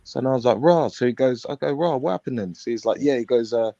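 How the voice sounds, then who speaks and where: A panel guest on a live stream tells a meandering tale in street slang, voicing the dialogue as he goes. His voice sits at medium pitch, quick and mellow, with no room sound, carried over dull lo-fi audio.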